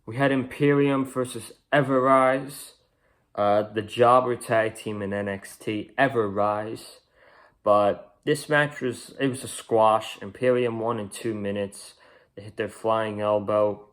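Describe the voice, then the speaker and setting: A man's voice: lowish voice, fairly even intonation, measured pace. A young man giving a casual, rambling and opinionated review of a wrestling show, often restarting his sentences.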